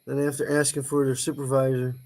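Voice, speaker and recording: A man's voice: medium pitch, flat delivery, fairly quick, a little mellow. A man in casual livestream chat, joking in a laid-back way.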